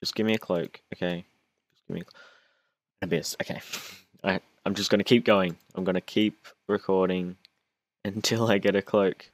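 This young YouTuber's deep voice keeps a fairly even intonation and a moderate pace as he casually comments on his gameplay. He jokes around, whines, and makes fun of himself as he goes.

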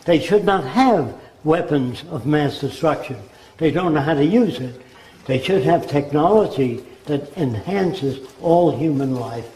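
A man's voice: a little high, expressive, measured pace, dark tone. An older man giving a spoken lecture, emphatic, often dropping into mimicked voices. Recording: roomy echo.

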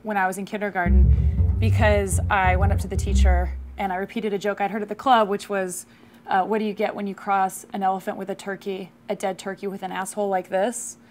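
A young woman tells a comic story about her childhood with a dry, deadpan wit and throws in casual asides. She speaks at an even middle pitch. Music plays steadily underneath her voice. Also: fairly quick. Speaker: comedian. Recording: music playing behind.

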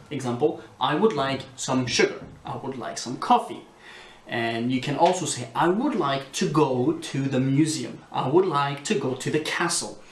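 A man with a Scottish accent, an online English teacher who speaks slowly and clearly and repeats example phrases for learners. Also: a little high, echoey room. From Scotland.

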